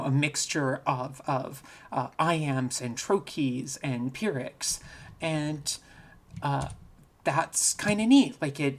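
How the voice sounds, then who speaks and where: A speaker giving a recorded virtual conference talk, explaining casually and thinking aloud with frequent restarts. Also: mid-range voice. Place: home, recorded remotely.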